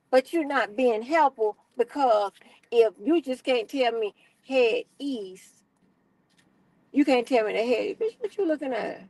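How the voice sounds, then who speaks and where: A middle-aged woman, telling a story as an animated, profane, exasperated rant on her stream. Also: a little high, dry recording, rough recording.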